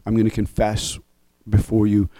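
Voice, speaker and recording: A man delivering a sermon-style teaching, reasoning step by step with emphasis and often pausing to check in with his listeners. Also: on the low side, completely flat delivery, mellow, no room sound. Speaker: preacher.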